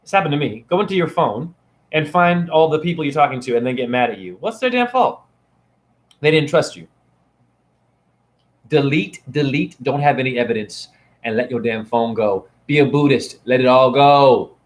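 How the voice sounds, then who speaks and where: Animated ranting man, lively pitch. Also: normal speed. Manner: animated, ranting, swings from loud to hushed. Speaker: vlogger and spiritual teacher. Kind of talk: rambling monologue to camera.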